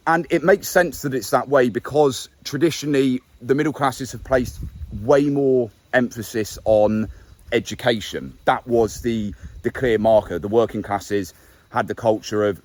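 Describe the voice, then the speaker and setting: This YouTube host is a young Englishman with a neutral middle-class accent, speaking at normal speed in a medium-pitched voice with fairly even intonation. His talking-head explainer is casual and conversational, with self-corrections and emphasis on key words.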